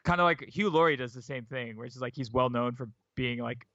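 A man's voice: medium pitch, fairly quick, a bit bright. Easygoing man over a muffled call. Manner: easygoing, laughs often, loose rambling sentences. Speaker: podcast guest. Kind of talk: casual chat. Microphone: video call. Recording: dull lo-fi video call audio.

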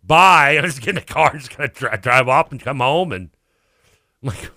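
A man's voice: mid-range voice, expressive, brisk, pushed and bright, no echo, studio quality. A man co-hosting a radio sports talk show, telling a long funny story in casual chat, acting out the voices he quotes and laughing often. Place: radio studio. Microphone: studio microphone.

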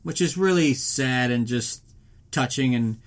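A man at a middle pitch talks through a film recap like he's chatting with a friend, swearing freely and dripping with sarcasm. He keeps the tone loose and mocking, slipping into goofy voices for the characters he describes. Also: measured pace. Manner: profane, sarcastic, jumps into silly voices. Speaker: podcast host.

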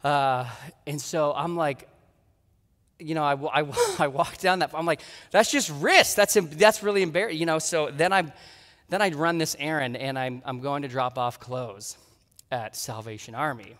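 A pastor giving a sermon, telling a story with lively acted-out dialogue. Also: male voice, a little high, moderate pace, big-room sound. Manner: animated storytelling, acting out his own dialogue.

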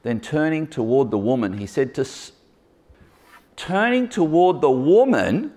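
A man preaching a lively sermon to a congregation in a church hall, teasing and joking with his listeners as he goes. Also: fairly high pitch, a little slow. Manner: playful, teasing asides to the congregation.

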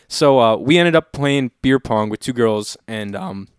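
A man's voice: medium pitch, animated, measured pace, smooth, dry recording, studio quality. A man in his twenties hosting a podcast, telling a party story in a laid-back way, swearing freely and using lots of filler words. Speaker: podcast host. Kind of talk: casual storytelling chat.

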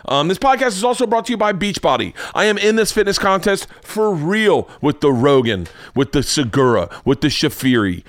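A man's voice: high-pitched, very animated, brisk, no echo, clean studio sound. Profane rambling male podcast host. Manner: rambling, profane, self-interrupting; hyped shouting bursts. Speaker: podcast host reading ads. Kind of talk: loose ad read.

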